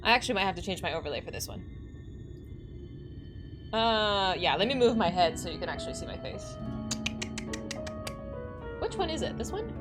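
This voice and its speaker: A woman's voice: mid-range voice, very animated, normal speed, long pauses. Giggly, emotional woman streamer over game music. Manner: giggly and emotional, often laughing through tears; chatty with many restarts and fillers. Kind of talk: casual livestream chat while gaming.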